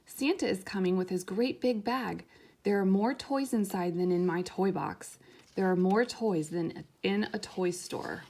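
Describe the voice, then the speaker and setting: A woman voicing a small boy who talks eagerly and excitedly. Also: mid-range voice, measured pace.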